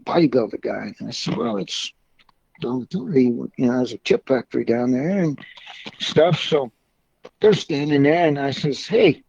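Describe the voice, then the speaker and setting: A man's voice: fairly high pitch, expressive, normal speed, vocal fry, darkish tone, slightly rough, no room sound. Rambling older man telling car-club stories. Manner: rambling, folksy, with mild swearing. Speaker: car club member, guest. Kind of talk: casual anecdotal storytelling. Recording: dull lo-fi recording.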